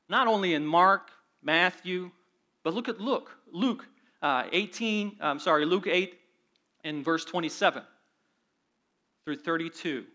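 A male pastor delivering a sermon in a higher, bright, forceful voice. He reads scripture with rising emphasis and talks straight to the congregation. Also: moderate pace, long pauses.

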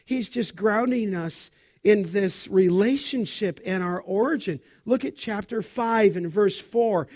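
A man's voice: sits high, lively intonation, slow pace, darkish tone. A middle-aged male pastor preaching an expository sermon, stressing key words and asking the congregation questions.

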